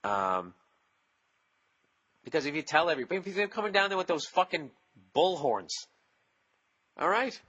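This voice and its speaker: A man in his forties with a Boston accent, hosting a solo podcast in a profane, sarcastic comic rant that jumps up loud when he mocks people. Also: a little high, very animated, normal speed, pauses often, slightly rough, muffled recording. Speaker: podcast host.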